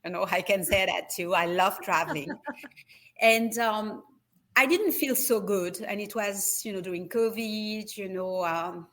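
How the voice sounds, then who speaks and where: A woman's voice: mid-range voice, measured pace, a bit bright. A middle-aged woman with a French accent, talking hesitantly with many fillers as a guest in an interview. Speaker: wellness retreat company CEO, guest. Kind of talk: video call interview.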